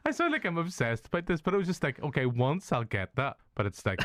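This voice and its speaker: A Northern Irish man hosts a film review podcast in casual chat, joking, laughing often and swearing freely. His mid-range voice swings hugely in pitch at a moderate pace, with a fairly bright tone. The dry, close-miked recording has no room sound.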